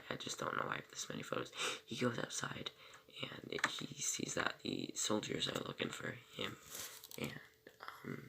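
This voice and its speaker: A man's voice: on the low side, creaky, pushed and bright, a little hiss or hum. A man casually recapping a TV episode, rambling with many fillers and self-corrections and breaking off for small asides. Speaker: TV episode reviewer.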